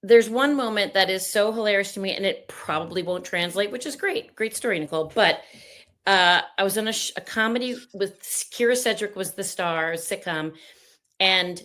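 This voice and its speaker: A woman's voice: mid-range voice, normal speed, fairly bright tone. A woman being interviewed, telling rambling, playful stories about her acting work in a casual chat. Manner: chatty, rambling with restarts and playful asides. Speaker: interview guest, actress.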